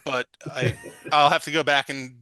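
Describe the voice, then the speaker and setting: A man's voice: medium pitch, steady tone, normal speed, pushed and bright, clean tone, no echo, poor audio. A man from Long Island, a podcast guest, talking in a laid-back, slightly dry way. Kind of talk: casual chat.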